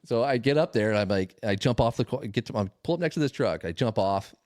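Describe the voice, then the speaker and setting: A man co-hosting a podcast, telling a story in a casual, animated way, swearing often. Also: medium pitch, quick pace, dry recording, clean studio sound. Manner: swearing, animated retelling with laughs. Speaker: podcast co-host.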